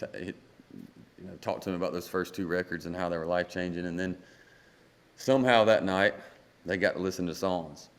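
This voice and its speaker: Deep-voiced man telling a story. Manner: animated storyteller acting out quoted dialogue. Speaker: guest country singer-songwriter. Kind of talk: storytelling in a podcast interview.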